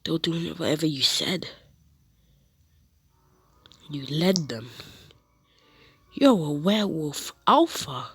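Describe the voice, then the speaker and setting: A woman's voice: expressive, takes it slowly, pauses often, breathy edge, dry recording, heavily acted. A woman with a cold voicing a panicking, furious teenage boy who stammers and hurls accusations in a fan-made story. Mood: accusing. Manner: stammering, accusing, shrill outbursts. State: congested from a cold.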